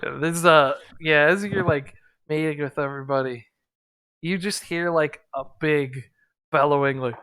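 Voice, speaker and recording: A man's voice: fairly high pitch, normal speed, bright, forceful tone, clean tone, dry recording. A man running a tabletop role-playing game, narrating in a loose, rambling way. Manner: loose, rambling, laughing often. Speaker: game master.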